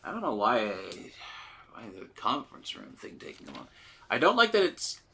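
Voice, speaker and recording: Bright-voiced chatty gaming host. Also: male voice, normal speed, slight background noise. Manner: chatty, animated, mimics characters in high voices. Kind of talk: casual let's-play chat.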